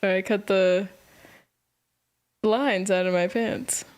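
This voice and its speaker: A woman's voice: medium pitch, steady tone, slow, lightly acted. A woman improvising a playful, haughty wealthy party hostess who teases her maid and laughs often. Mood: teasing. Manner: laughs often, teasing and grand. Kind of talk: improvised comedy scene. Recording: live stage with loud guitar music.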